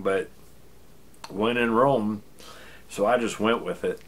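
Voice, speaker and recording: A man's voice: on the low side, unhurried, pauses often, fairly bright tone. An American man telling a personal story in a wry, self-deprecating, casual way. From United States.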